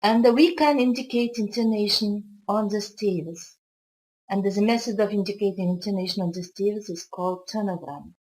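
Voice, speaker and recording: A woman with a Kazakh accent, a college English teacher whose first language is Kazakh, explaining intonation slowly and carefully in a recorded video lesson. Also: medium pitch, a little mellow, rough recording. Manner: slow, careful explanatory delivery with occasional restarts.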